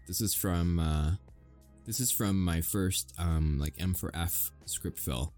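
A man's voice: low-pitched, slow pace, a little mellow, faint music behind. An American man who makes audio roleplays, chatting casually and rambling to his listeners, swearing and chuckling often.

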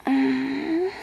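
A woman's voice: sits high, creaky, mellow, slightly rough, no echo, heavily acted. A woman doing a giggly, teasing lover, whispered role-play. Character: flirty unfaithful woman, teasing her lover.

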